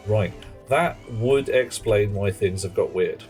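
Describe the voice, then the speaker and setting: A man's voice: lowish voice, slow, darkish tone, soft background music. A man streaming a game, talking to himself and chatting asides as he works through it. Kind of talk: live gameplay commentary. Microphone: headset.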